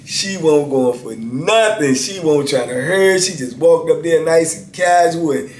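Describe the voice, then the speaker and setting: An unhurried man in his fifties, his pitch fairly high, shares stories casually as the host of a channel. He keeps it easygoing and leans on "man" and "you know what I'm saying," recorded in an echoey space with a faint hiss.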